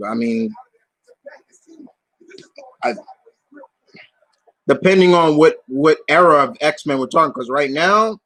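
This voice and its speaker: A man hosting a casual live Q&A stream, answering viewer questions in an animated, swearing, ranting way. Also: a little high, no room sound, poor audio. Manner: animated, swearing, rants with voiced asides.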